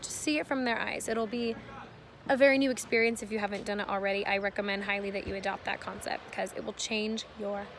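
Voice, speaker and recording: A woman's voice: medium pitch, fairly even intonation, fast talker, a little hiss or hum. A woman in her thirties giving earnest parenting advice to camera, explaining at length in a casual way. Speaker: parenting vlogger.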